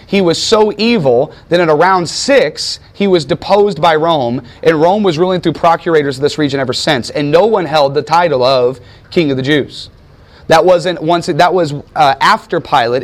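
A man teaching a class, telling history as a story and putting questions to his students. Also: on the high side. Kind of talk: classroom lecture.

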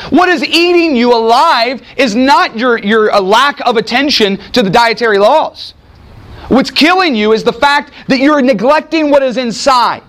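A man preaching a sermon in an animated, conversational way, with sudden swings in how he delivers lines. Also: sits high. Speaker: pastor.

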